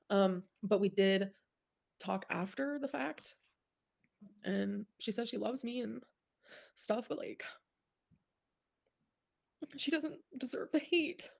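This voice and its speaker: Creaky-voiced woman livestreamer. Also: mid-range voice, measured pace, long pauses, darkish tone. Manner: rambling, full of "like" fillers. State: stuffy nose. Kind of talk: casual livestream talk.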